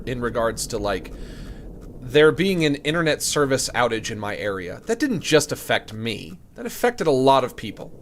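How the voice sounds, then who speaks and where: Animated male streamer, lively voice. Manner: animated, jokey, bursts into high shouts of disbelief. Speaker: streamer playing a horror game. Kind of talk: casual live-stream commentary.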